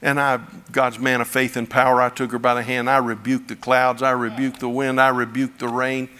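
A male pastor preaching a sermon, telling stories with folksy humor and animated delivery. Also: medium pitch, normal speed. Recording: long hall reverb.

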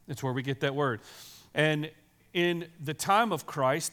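A man's voice: high-pitched, fairly bright tone. A man, a pastor, giving a sermon in a chatty storytelling way, often checking in with the listeners. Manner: conversational storytelling with frequent "right?" asides; addresses children in the congregation.

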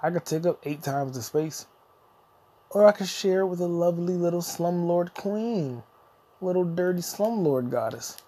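A man's voice: high-pitched, expressive, unhurried, dark tone. A young adult man hosting a podcast, delivering a profane, insulting solo comedy rant that mock-lectures the listener. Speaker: podcast host.

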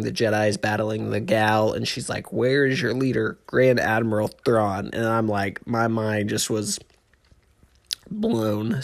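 A man with a low, gravelly voice hosts a casual solo podcast. He rambles excitedly and often doubles back to restart his sentences, with a slight rasp throughout. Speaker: podcast host.

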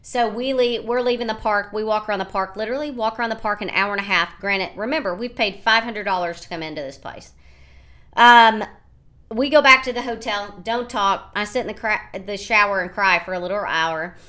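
Woman in her thirties, podcast host, animated rambling storytelling, bright clear voice. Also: medium pitch, brisk. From United States. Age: 30s. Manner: animated, rambling, quotes others in her retelling. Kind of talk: casual storytelling monologue.

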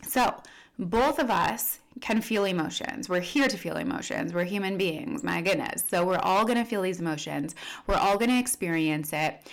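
A woman with a somewhat low voice coaches her listeners in a loose, conversational way. She leans on "like" and "you know" as she works through her points. Her delivery is friendly and unscripted. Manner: chatty, many "like" and "you know" fillers; upbeat sign-off to followers. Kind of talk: casual teaching monologue.

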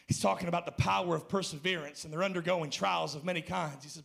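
A male pastor preaching an impassioned sermon in a church, rising to shouts and then dropping low. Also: fairly even intonation, fast, vocal fry, hardly any pauses.

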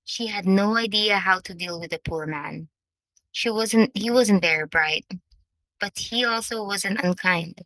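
Brief: female audiobook narrator, bright tone, dry close sound, measured. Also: mid-range voice, dry recording, rough recording. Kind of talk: scripted novel narration.

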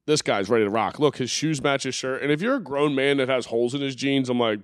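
A man's voice: medium pitch, fast talker, few pauses, no room sound, clean studio sound. A young man hosting a podcast from his living room, rambling and joking crudely in casual banter. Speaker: podcast host.

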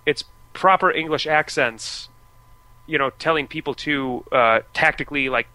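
A man's voice: fairly high pitch, moderate pace, bright, forceful tone, no echo, poor audio. An American man talking casually about video games as a podcast co-host, chatty and full of restarts and fillers. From United States. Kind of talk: casual video game discussion.

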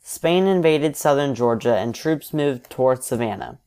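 A man narrating an alternate history story in an even, explanatory way. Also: medium pitch, normal speed, clean tone.

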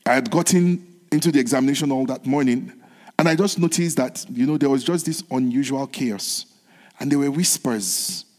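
A man's voice: mid-range voice, normal speed. Man preaching a sermon, earnest, repetitive, dropping to whispers, in a reverberant hall. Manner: earnest, repeats phrases, moves between soft whispered lines and raised ones.

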